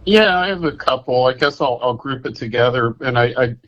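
A man calling in to a radio show, talking in a halting, folksy way and repeating himself. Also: medium pitch, lively intonation, dull audio. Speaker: caller. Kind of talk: casual call-in chat.

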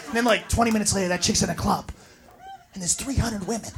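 A male stand-up comedian, profane and animated, shouting his bits on stage. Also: high-pitched, fast. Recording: live club with loud crowd and noise.

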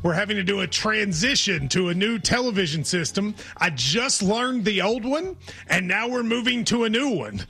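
A man's voice: high-pitched, animated, normal speed, pushed and bright, slightly rough. A man from Kentucky hosting a sports talk show, chatty and wry.

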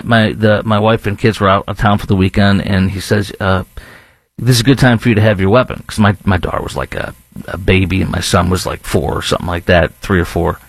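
A talk radio host with a lowish, creaky voice delivers an emphatic, rambling monologue, recorded without echo. He restarts his thoughts and occasionally mocks others by putting on voices.

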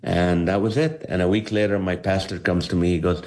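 A middle-aged man from the Holy Land, a comedian guest telling personal stories with animated swings in his voice, acting out the people he quotes. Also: brisk. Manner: acts out voices with big pitch swings.

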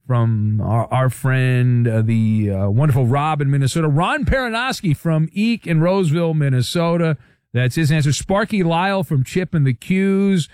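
A man's voice: fairly high pitch, a little mellow, no room sound, studio quality. A man hosting a sports radio show, reading listener answers and trading wry quips. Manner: wry, quick quips, fillers. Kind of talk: casual radio show banter.

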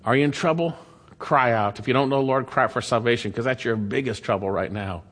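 A man's voice: mid-range voice, fast talker, fairly bright tone. A male pastor delivering a sermon, reading scripture aloud with emphatic rises and sudden drops. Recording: long hall reverb.

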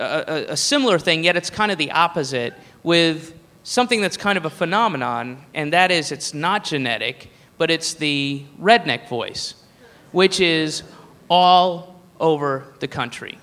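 A man doing a stand-up routine, rambling and profane, often breaking into loud put-on drawls. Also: a little high, measured pace, long reverb tail. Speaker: stand-up comedian.

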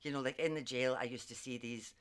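An Australian woman, a psychic and former community worker, telling stories in a lively, laughing way as a guest. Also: rumbling low. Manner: animated, laughs often, quick asides. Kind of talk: storytelling in casual conversation.

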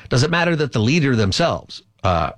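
A man's voice: mid-range voice, very animated, brisk, a bit bright, no room sound. A man hosting a political talk radio show, giving opinionated commentary with many fillers and asides.

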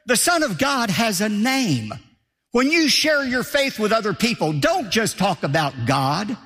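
A man's voice: high voice, big pitch swings, a little slow, fairly bright tone, long reverb tail. A man preaching a sermon as pastor, emphatic, asking rhetorical questions and hammering points home with repetition.

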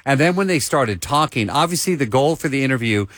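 Male interview guest, mid-pitch, animated storyteller, dry close studio sound. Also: brisk, no room sound. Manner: animated storyteller, repeats words when starting. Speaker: show host. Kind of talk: casual radio interview. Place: radio studio.

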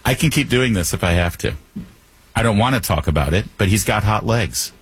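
A man's voice: on the low side, lively intonation, brisk, husky. A male talk radio host delivering a joking monologue in a wry, teasing manner, slipping in puns.

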